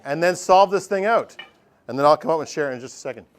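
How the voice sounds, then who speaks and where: A man teaching math in a classroom, pitched a touch high. He jokes with his students and keeps the lesson lively and direct. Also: fast talker. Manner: lively, joking, talks straight to students.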